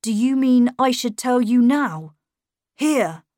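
A woman voicing a clever young boy who speaks in a smooth, polite way with a cold edge underneath. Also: on the high side, animated, slow, darkish tone, no echo, clean studio sound, voice pushed up. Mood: guarded.

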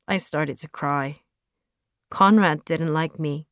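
A woman narrating a story aloud in a slow, careful reading. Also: sits low, fairly bright tone, dry recording, clean studio sound.

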